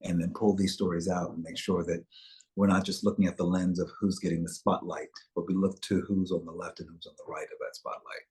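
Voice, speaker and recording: Low-voiced man, reflective and expansive. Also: level tone, brisk, darkish tone. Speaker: actor guest. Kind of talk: interview over webchat. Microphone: video call.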